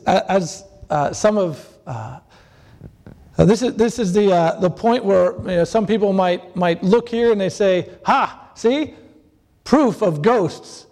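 A man preaching a sermon, halting with many fillers and restarts, acting out the voices he quotes. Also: high-pitched, darkish tone. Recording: long hall reverb.

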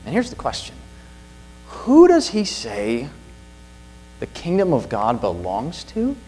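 Pastor, man, middle-aged; animated, earnest sermon delivery, slight hum on the recording. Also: a little high, takes it slowly, poor audio. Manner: earnest, emphatic preaching with rhetorical questions.

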